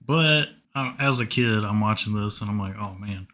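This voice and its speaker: A man's voice: lowish voice, moderate pace, pushed and bright. A young man co-hosting a podcast, making short, dry, teasing remarks in casual chat. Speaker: podcast co-host.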